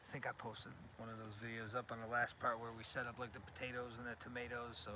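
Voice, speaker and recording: A man's voice: monotone, fast. A man hosting a survival channel, chatting casually and rambling on a live stream from his rural land. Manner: rambling, talks to his dog in a high baby voice. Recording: noisy outdoor live stream.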